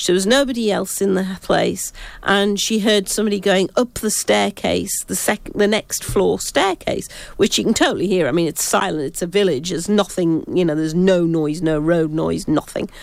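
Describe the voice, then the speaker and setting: A woman with a gravelly, fry-laced voice chats about ghost sightings, often cutting herself off and starting over. She talks as a psychic, recorded close and dry. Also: on the low side, moderate pace, no room sound. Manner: rambling, self-interrupting storytelling. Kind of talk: casual ghost-story chat.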